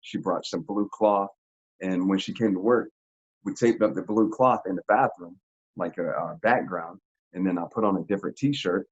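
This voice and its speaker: A man telling a story in an interview, in a casual, animated, slangy way with frequent laughs. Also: low-pitched, moderate pace, husky, highs cut off. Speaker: interview guest.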